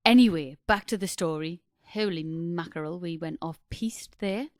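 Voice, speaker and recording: A woman's voice: fairly low pitch, moderate pace, no room sound, clean studio sound. Chatty woman in her forties telling stories. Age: 40s. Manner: chatty, laughing storyteller. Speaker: podcast co-host. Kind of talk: casual podcast chat.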